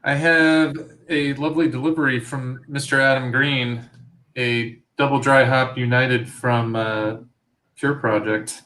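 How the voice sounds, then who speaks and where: A man's voice: medium pitch, steady tone, a little slow, pushed and bright. Dry, wry man on a live show. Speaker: podcast co-host. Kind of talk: live-stream casual chat.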